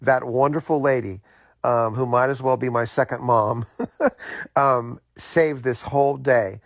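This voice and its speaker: Middle-aged man, gravelly voice, rambling personal story, dry close sound. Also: medium pitch, fairly even intonation, no room sound. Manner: rambling, halting, many fillers and restarts. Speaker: host telling a personal story. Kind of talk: casual first-person storytelling.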